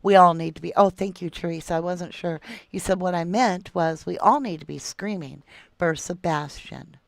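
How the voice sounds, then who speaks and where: A woman's voice: lowish voice, normal speed, creaky, dry recording. A middle-aged woman hosts a true crime livestream, reading viewer comments and calling them love and sweetheart.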